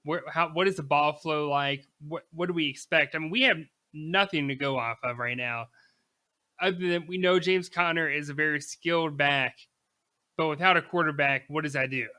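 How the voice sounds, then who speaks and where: A young man co-hosting a casual sports podcast, animated and emphatic, quick to laugh. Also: a little high. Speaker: podcast co-host.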